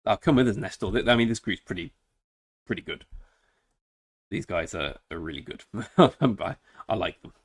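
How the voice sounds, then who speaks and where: A man's voice: low-pitched, animated, normal speed, long pauses, breathy edge. A man chatting casually and joking while streaming a strategy game. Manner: chatty, joking, talks to chat. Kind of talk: casual live-stream chat.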